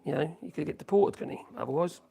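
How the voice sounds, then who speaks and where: A man's voice: fairly high pitch, quick pace, creaky, warm tone, slightly rough. A man hosting a live stream, giving blunt, rambling, opinionated commentary on the news.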